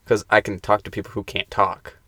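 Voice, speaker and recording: A man's voice: lowish voice, level tone, a little fast, pushed and bright, dry recording. A young man co-hosting a casual podcast chat, laid-back with crude jokes. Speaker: podcast co-host.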